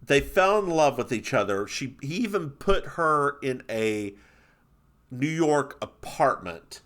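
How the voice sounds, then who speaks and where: Young male podcast co-host, chatty recap, bright tone and lively, bouncing pitch. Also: slow pace. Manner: playful, giggly, mock-dramatic retelling. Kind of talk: casual chat recapping a TV episode.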